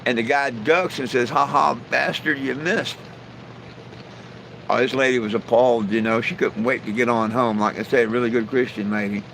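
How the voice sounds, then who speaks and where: A man's voice: medium pitch, steady tone, a little fast, few pauses, slight background noise, low-quality recording. Folksy rambling man telling jokes. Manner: folksy, rambling storyteller with frequent "you know". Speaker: live stream host. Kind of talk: casual joke telling.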